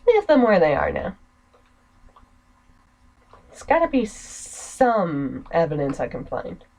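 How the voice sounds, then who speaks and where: A woman's voice: lowish voice, huge pitch swings, slow, creaky, darkish tone, rough recording. A woman playing a game, making chatty, joking asides. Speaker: gamer. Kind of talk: let's play commentary.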